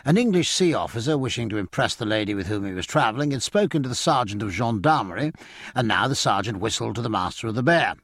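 Gravelly audiobook guy, measured story reading, lively intonation. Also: mid-range voice, no room sound, clean studio sound. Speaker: audiobook narrator. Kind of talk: scripted narration.

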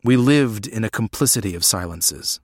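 A man narrating an audiobook in a measured, even way. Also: fairly low pitch, dry recording, clean studio sound.

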